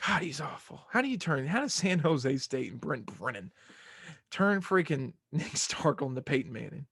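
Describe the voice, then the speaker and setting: A man's voice: on the high side, big pitch swings, moderate pace, vocal fry, a bit bright, husky, no room sound, studio quality. A young man hosting a sports podcast, talking casually in rambling, self-mocking rants. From Arkansas fan, southern US.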